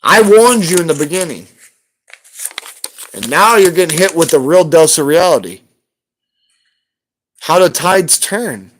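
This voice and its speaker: A man's voice: on the high side, animated, a little slow, long pauses, a little hiss or hum. A man on a live stream, ranting heatedly at someone and cursing constantly in a confrontational way. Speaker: livestreamer hunting for rare banknotes.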